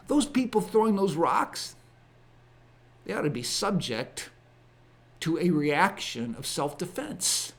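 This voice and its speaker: A ministry show host with a high-sitting, fairly bright voice gives a commentary monologue. He speaks slowly and deliberately, stressing phrases he repeats for emphasis.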